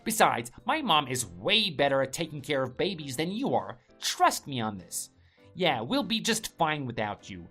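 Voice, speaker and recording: A woman's voice: low-pitched, big pitch swings, normal speed, fairly bright tone, slightly rough, soft background music, exaggerated voice. A woman voicing an arrogant, contemptuous young husband who sneers and scolds his wife. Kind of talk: story drama voice acting.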